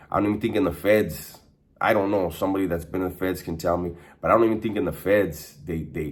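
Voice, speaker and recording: Deep-voiced man telling prison stories. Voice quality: profane, conversational. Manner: streetwise slang, frequent restarts and fillers. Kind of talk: casual storytelling monologue.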